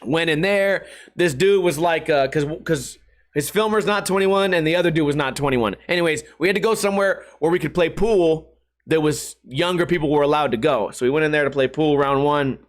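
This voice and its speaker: A man's voice: on the high side, fairly quick. A man hosting a casual solo podcast, rambling and swearing, laughing at his own jokes and putting on voices for quotes. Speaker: podcast host.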